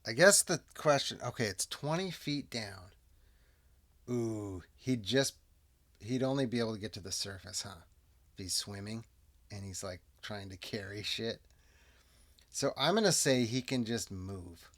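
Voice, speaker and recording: A man's voice: lowish voice, expressive, measured pace, a bit bright. A man playing a tabletop game by himself, narrating casually and thinking aloud, now and then muttering asides under his breath. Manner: muses aloud, drops into muttered whispered asides. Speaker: solo tabletop game player.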